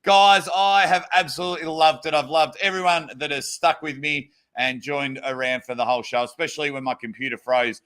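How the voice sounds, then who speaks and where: A man's voice: fairly high pitch, steady tone, a little fast, few pauses, bright, forceful tone. A man hosting a podcast, chatting casually and enthusiastically with his guests. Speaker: podcast host.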